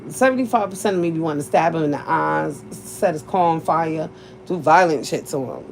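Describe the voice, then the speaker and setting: A woman's voice: sits low, lively intonation, a little fast, vocal fry, slight background noise, poor audio. A woman, talking candidly and bluntly in a casual chat, cursing freely and laughing often. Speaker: podcast host.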